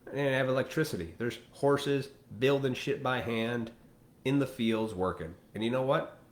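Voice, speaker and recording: A man's voice: medium pitch, normal speed, echoey room. A man hosting a live stream, delivering a blunt, profane, preachy rant straight to his viewers. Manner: blunt, profane, preachy, mimics people in quoted asides.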